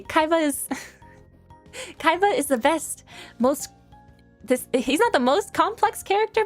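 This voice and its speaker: Giggly high-voiced woman streamer. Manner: giggly, rambling, self-deprecating. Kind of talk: casual chat reading viewer questions.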